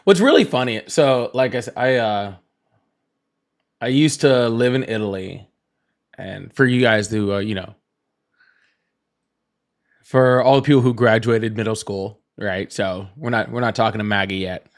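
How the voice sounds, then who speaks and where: A man's voice: fairly low pitch, a little slow, long pauses. A man hosting a casual livestream, rambling with many fillers and restarts, greeting chat viewers by name and swearing offhand. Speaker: livestream host.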